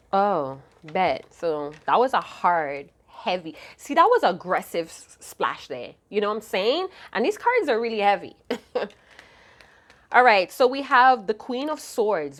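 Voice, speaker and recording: A woman giving a casual tarot reading to her viewers, chatty and profane with lots of slang, her voice a little hoarse. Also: mid-range voice. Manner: chatty, slangy and profane, hums song snippets. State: slightly hoarse, losing her voice. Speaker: tarot card reader.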